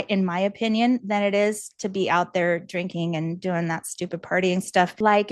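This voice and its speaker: Brief: lively woman guest, slightly high voice, dry close sound, earnest and encouraging, candid storyteller. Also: no echo. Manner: animated, laughs often, acts out quoted voices. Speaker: podcast guest.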